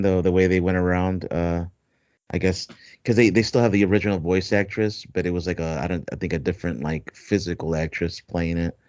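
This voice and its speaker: Man, low voice, rambling podcast host, dull dry lo-fi recording. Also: smooth, dry recording. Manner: rambling, laughs often, many fillers. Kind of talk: casual chat.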